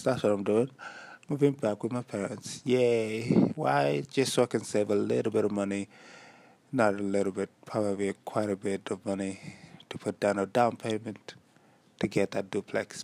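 Gravelly young man musing aloud. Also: on the low side, darkish tone, no echo. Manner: rambling, musing aloud, self-mocking. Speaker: podcast host. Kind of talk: solo diary podcast.

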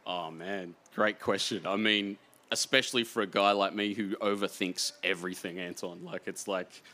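A man, an author, telling rambling, animated stories in a live on-stage interview. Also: lowish voice. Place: stage before a live audience.

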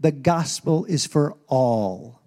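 A man who is a pastor, preaching a sermon in an animated way with asides and rising intensity. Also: fairly high pitch, takes it slowly. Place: church stage.

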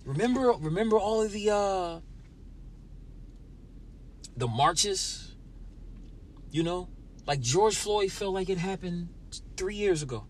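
A man's voice: sits high, lively intonation, takes it slowly, long pauses, slight background noise. A young man hosting a podcast, ranting with lots of swearing and talking straight at his listeners in a sour, angry mood. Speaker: podcast host. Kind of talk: profane solo podcast rant.

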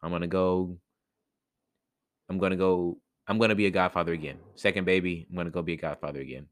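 A man's voice: low voice, fairly even intonation, fast, no room sound, studio quality, lightly acted. A man voicing a laid-back, greedy male cat who lies, in slangy, offhand talk. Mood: casual.

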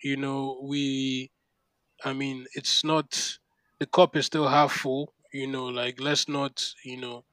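A man co-hosting a laid-back podcast, talking at a mid pitch in long, rambling runs full of "you know" and "like." His delivery is animated and rises with excitement. The sound is dry and close. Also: takes it slowly, no echo, low-quality recording. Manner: animated, rambling with many fillers. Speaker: podcast co-host. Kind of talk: casual chat.

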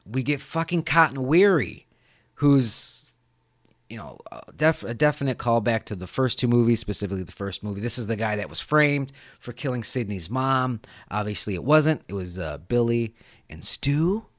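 A man hosting a podcast, retelling a film scene in a rambling, profane, animated way. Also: medium pitch, moderate pace, no room sound, studio quality. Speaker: podcast host. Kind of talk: casual film chat.

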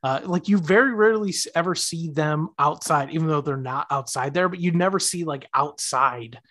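A man's voice: on the high side, normal speed. A man in his thirties co-hosting a podcast, chatting casually and acting out characters' lines as he retells scenes. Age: 30s. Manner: animated, acts out characters' lines while retelling. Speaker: podcast co-host. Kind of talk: casual chat recapping a TV episode.

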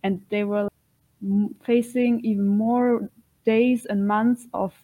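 A woman's voice: mid-range voice, steady tone, takes it slowly, mellow, low-quality recording. A woman guest in an interview, speaking earnestly and sometimes searching for words. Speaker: guest, militia fighter.

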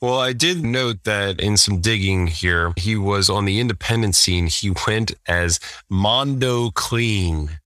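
A deep-voiced man chatting casually on a podcast, wry and laid-back as he reviews old wrestling episodes. His tone is bright and forceful, and the recording is dry and close. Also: slow, hardly any pauses, no echo. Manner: laid-back, wry, frequent laughs and fillers. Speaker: podcast co-host.

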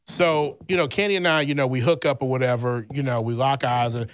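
A man from Louisiana, a podcast host, telling a rambling, animated personal story in casual chat, swearing freely. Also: mid-range voice, brisk, dry recording, clean studio sound. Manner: heavy swearing, blunt and animated; rambling with many fillers.

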